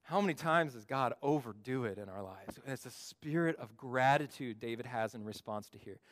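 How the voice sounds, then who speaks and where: A man preaching a sermon to his church, acting out the voices he quotes with big swings in pitch and loudness. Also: lively intonation, moderate pace. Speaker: pastor.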